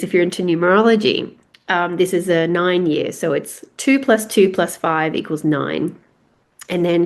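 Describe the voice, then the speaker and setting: A middle-aged Australian woman hosting a podcast, talking candidly and chattily in a solo reflective monologue with laughs and restarts. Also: lowish voice. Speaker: podcast host. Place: house, on her own.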